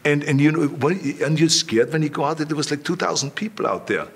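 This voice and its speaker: A man's voice: fairly high pitch, fast, vocal fry, slightly rough. Older man telling stories. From Austria. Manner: anecdotal, repeats himself, acts out quoted voices. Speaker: interview guest. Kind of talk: storytelling in an interview.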